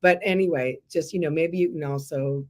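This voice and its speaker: A woman's voice: sits low, normal speed. A woman co-hosting a casual Christian talk stream, speaking earnestly and addressing viewers directly with encouragement.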